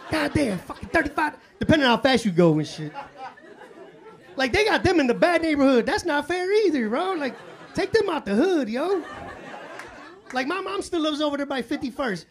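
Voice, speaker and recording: A man doing live stand-up comedy in a club, telling stories in a profane, excitable way. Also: extremely high pitch, moderate pace. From Chicago. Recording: live club with audience laughter. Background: crowd laughter and room noise.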